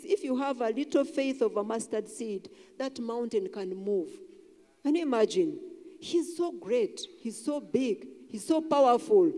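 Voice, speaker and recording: A woman's voice: on the high side, dark tone. A middle-aged woman elder preaching a sermon in a large church, earnest and repetitive, sometimes acting out people's inner voices. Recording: long church hall reverb.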